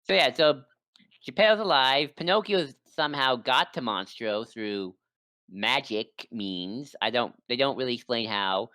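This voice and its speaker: A woman with an extremely low voice talks through a game story for her podcast co-host, her pitch rising and falling freely. She rambles, backtracks and throws in quick asides. The sound is dry and close on a desk mic. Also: animated, fairly bright tone, no echo. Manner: rambling plot recap with quick asides and laughs. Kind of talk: casual chat. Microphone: desk microphone.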